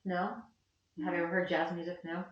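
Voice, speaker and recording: A woman's voice: fairly low pitch, flat delivery, a little fast. A woman giving a one-on-one piano lesson, explaining patiently and counting the beats aloud. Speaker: piano teacher. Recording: echoey, distant, dull lo-fi sound with piano. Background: piano playing.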